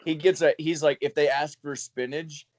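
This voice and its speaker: A man's voice: fairly high pitch, fairly even intonation, moderate pace, no room sound. A young man co-hosting a casual comedy podcast, rambling and trailing off as he spins ideas. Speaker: podcast co-host.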